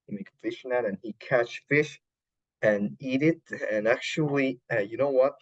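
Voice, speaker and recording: Halting man retelling a film. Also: mid-range voice, highs cut off. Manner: halting, many fillers and restarts, non-native grammar. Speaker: podcast host. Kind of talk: casual retelling of a film plot.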